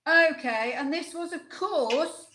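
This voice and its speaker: A woman's voice: sits high, takes it slowly, bright, forceful tone, roomy sound, slight background noise. A woman co-hosting a casual live stream, chatty and jolly while making cocktails. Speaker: co-host.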